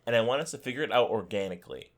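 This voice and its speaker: A man co-hosting a casual gaming podcast, talking excitedly and laughing often, on a headset mic. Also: mid-range voice, very fast. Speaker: podcast co-host.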